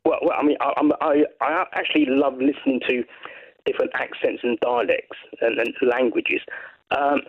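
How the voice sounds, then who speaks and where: A man's voice: medium pitch, sing-song, normal speed, creaky. A man from England calling in to a radio show, chatting eagerly and rambling with lots of restarts. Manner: rambling, enthusiastic, many restarts. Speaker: caller. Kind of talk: casual chat on a radio phone-in. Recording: phone line.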